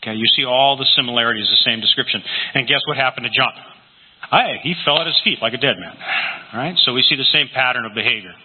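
A man preaching a sermon, telling scripture stories with lively acted-out quotes in a husky voice. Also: medium pitch, quick pace. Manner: animated storytelling, acting out scripture quotes. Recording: tinny lo-fi recording in a reverberant hall.

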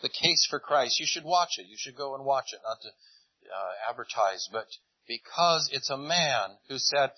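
Husky man preaching a story sermon. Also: medium pitch, moderate pace, no echo, dull audio. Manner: conversational storytelling, retelling scenes in lively voices. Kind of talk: sermon, retelling a Bible story.

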